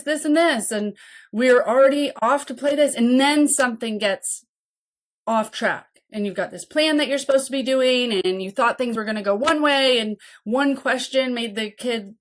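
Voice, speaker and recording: A woman's voice: fairly high pitch, moderate pace. A woman in her thirties, a podcast host and mentor trainer, talking casually and checking in with "okay?" and "right?". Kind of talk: casual teaching talk.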